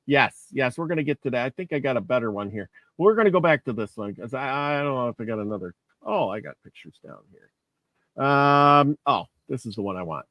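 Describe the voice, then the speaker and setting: Man, casual folksy storyteller, restarts phrases, mid pitch, dry close sound. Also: expressive, brisk, fairly bright tone, dry recording.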